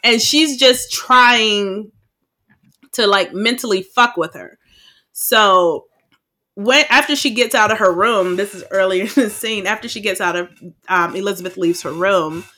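A woman co-hosting a podcast, recapping a film in casual chat, animated and profane, acting out her own reactions. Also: mid-range voice, a little slow. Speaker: podcast co-host.

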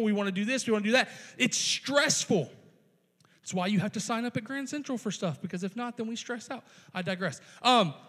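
A man, a youth pastor, preaching a sermon in a conversational way, with playful asides and quick restarts. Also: extremely high pitch, bright, forceful tone. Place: church sanctuary. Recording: long reverb of a large hall.

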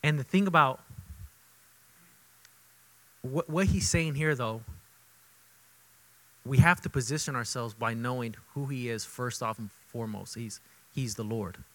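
A man preaching a sermon as pastor, conversational and repetitive for emphasis, moving between loud emphatic bursts and quiet intimate asides. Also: mid-range voice, measured pace, long pauses, low-quality recording. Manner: conversational, repeats himself for emphasis.

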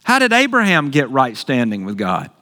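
A man's voice: mid-range voice, wildly swooping pitch, normal speed, sharp tone, big-room sound. A man preaching a sermon as pastor, enthusiastic and exclaiming with delight at the text.

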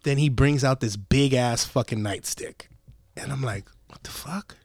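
A young adult man hosting a podcast, telling a story in casual, profane chat and acting out the quotes with lively energy. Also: mid-range voice, moderate pace, no echo, studio quality. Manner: profane, animated, acts out quotes. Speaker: podcast host.

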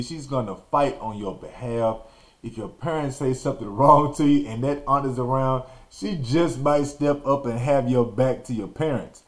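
Male podcast host, casual storyteller, animated delivery with acted-out quotes. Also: mid-range voice. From Texas. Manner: animated, acts out quotes and sound effects.

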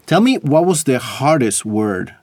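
A man's voice: mid-range voice, sing-song, unhurried, a little mellow, dry recording. A man co-hosting a podcast, teasing and laughing often in a studio. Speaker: podcast co-host. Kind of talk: joking casual chat. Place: recording studio.

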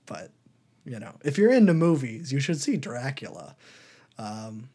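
A young man co-hosting a podcast, chatting casually about old movies with lots of fillers and jumping into a high voice for silly quotes. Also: sing-song, a little slow, dark tone, husky. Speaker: podcast co-host. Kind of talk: casual movie review chat.

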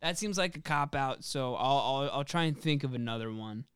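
Smooth-voiced young guy joking around. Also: medium pitch, moderate pace, a bit bright, no echo, studio quality. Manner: joking, swears freely, lots of fillers. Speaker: podcast co-host. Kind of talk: casual chat.

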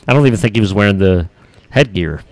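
A man's voice: fairly low pitch, expressive, fairly quick, dry recording. A man co-hosting a podcast in laid-back, rambling casual chat, full of fillers. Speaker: podcast co-host.

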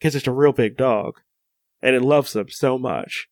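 A man's voice: mid-range voice, moderate pace, a little mellow, dry recording, clean studio sound. A young man in casual chat, rambling and enthusiastic, restarting his sentences often.

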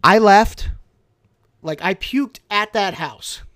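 A young man hosting a casual podcast, telling stories in an animated, jokey way that swings from quiet to loud. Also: high-pitched, slow pace, no room sound, studio quality. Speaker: podcast host.

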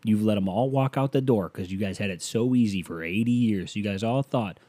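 A man riffing loosely on his own podcast, joking and jumping up in pitch when he gets excited. His voice is mellow and dark. It sounds dry and close, as if recorded in a small room. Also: fairly quick, few pauses, no echo. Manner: loose, joking, animated with sudden pitch jumps. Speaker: podcast host. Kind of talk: casual solo podcast chat.

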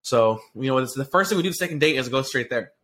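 A fast-talking man with a medium-pitched voice co-hosts a casual podcast, slight background noise audible. He rambles excitedly through a long story, swearing often, restarting and using lots of fillers.

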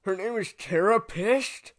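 A man's voice: high voice, measured pace. A man playing a silly old man who co-hosts a podcast, arguing playfully and firing off goofy retorts in an improvised comedy sketch. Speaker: podcast co-host.

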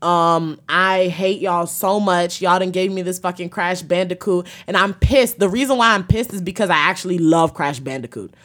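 A woman's voice: fairly low pitch, normal speed, few pauses, a bit bright. A woman hosting a podcast, ranting bluntly with plenty of profanity. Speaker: podcast host. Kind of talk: profane comedic rant.

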